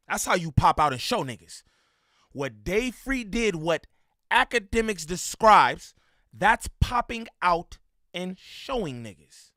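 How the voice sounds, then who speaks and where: A man livestreaming, reacting to a video and shouting out his chat in loose, slangy street talk with frequent laughs. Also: fairly high pitch, big pitch swings, a little slow, no echo, clean studio sound. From Inland Empire, Southern California. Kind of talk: live-stream reaction and chat shout-outs.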